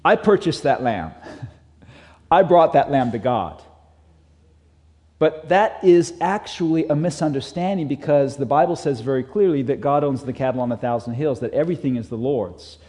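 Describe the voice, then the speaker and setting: A man's voice: mid-range voice, animated, moderate pace, dark tone. A man preaching a sermon, emphatic and repeating his key phrases, reading scripture aloud to a congregation. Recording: long hall reverb.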